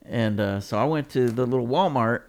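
Man, gravelly voice with fry, relaxed profane storyteller in casual chat. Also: mid-range voice. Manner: laid-back, profane, drawn-out storytelling.

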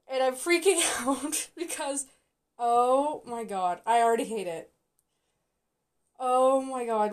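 A young woman vlogger reacting live and excitably, with loud bursts and quiet mumbling. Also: high-pitched. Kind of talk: live casting reaction vlog.

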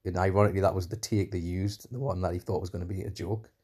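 His voice is deep, mellow and husky, moving at a quick pace with fairly even intonation. He's giving a casual rundown of a film, scene after scene, wandering off into eager asides and fillers and praising moments as "class."

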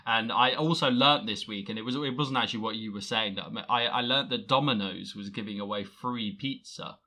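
A man's voice: fairly low pitch, brisk, sharp tone. A man hosting a casual podcast chat, self-mocking and rambling with restarts. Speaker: podcast host.

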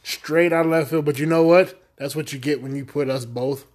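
A man hosting a podcast in casual chat, talking in a subdued, low-energy monotone and rambling a little with self-deprecating asides. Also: normal speed. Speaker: podcast host.

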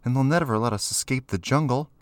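A man voicing a calm, guarded teenage girl. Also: mid-range voice, fast talker, no room sound, pitched above the performer's own voice, lightly acted. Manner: calm, matter-of-fact.

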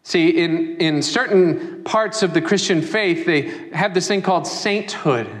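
Man, pastor, high voice, sermon, animated, reverberant hall. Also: unhurried. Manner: animated preaching, acts out quoted voices.

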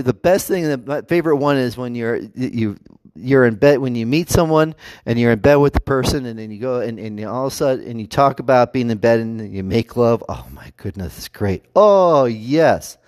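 A man's voice: mid-range voice, brisk, darkish tone, dry recording. Rambling man vlogging in a dry room. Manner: rambling, with many restarts and acted-out quotes. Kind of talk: casual monologue to camera.

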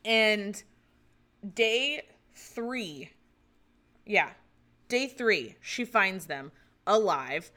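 Woman host, 30s, loose solo chat, bright tone, cursing and laughing throughout. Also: mid-range voice, lively intonation, very slow, pauses often. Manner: swearing, rambling, laughing often. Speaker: podcast host.

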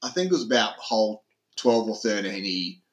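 A young man telling a story on a casual podcast. He talks in a lively way, swears a lot and acts out what people said loudly. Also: fairly low pitch, moderate pace, muffled recording. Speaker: podcast host. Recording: echoey room.

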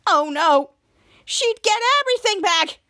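A woman's voice: sits high, lively intonation, moderate pace, fairly bright tone, no echo, clean studio sound. A woman voicing a smart, anxious teenage girl, quoting her lines with worry. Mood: worried.

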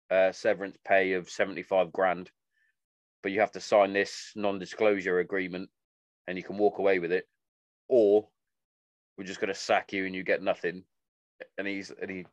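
A man's voice: low-pitched, no echo. A man chatting casually, swearing often and acting out the stories he tells. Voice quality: sweary, animated storytelling. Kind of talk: casual chat.

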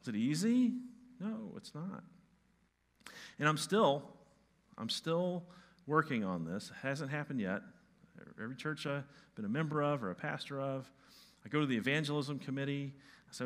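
A male pastor giving a sermon, moving from hushed, soft lines to loud, emphatic ones. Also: fairly high pitch, expressive, normal speed.

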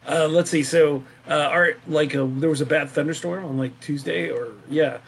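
A man's voice: a little high, fairly even intonation, normal speed, vocal fry, a little hiss or hum. A man hosting a casual chat, talking loosely with many fillers. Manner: loose, hesitant, full of fillers. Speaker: host.

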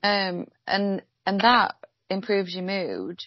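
A woman's voice: medium pitch, animated, slow pace, dry recording. A woman in sympathetic, chatty conversation. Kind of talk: casual chat. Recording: dull lo-fi dry sound.

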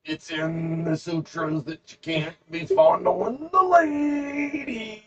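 Brief: man doing an indignant young monk, high and whiny, muffled audio. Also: fairly even intonation, slow, a bit bright. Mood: scolding. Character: indignant young male monk, preachy scold.

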